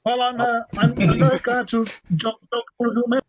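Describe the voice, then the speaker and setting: A man's voice: extremely high pitch, little pitch movement, fairly quick, highs cut off. A man narrating a tabletop role-playing game as game master, in an easygoing, descriptive way with fillers.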